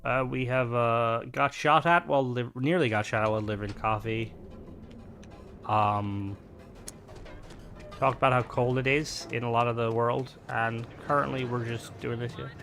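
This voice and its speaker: A man's voice: medium pitch, fairly even intonation, normal speed, vocal fry, fairly bright tone, soft background music. A man streaming a game, chatting casually with lots of filler words while playing. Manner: rambling, many filler words. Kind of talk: casual gameplay commentary.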